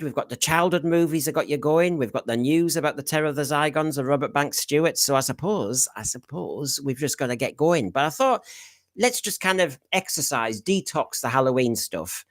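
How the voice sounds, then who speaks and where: A man's voice: fairly high pitch, no room sound, clean studio sound. A man hosting a podcast in casual chat, rambling and correcting himself as he goes. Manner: rambling, chatty, self-correcting. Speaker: podcast host.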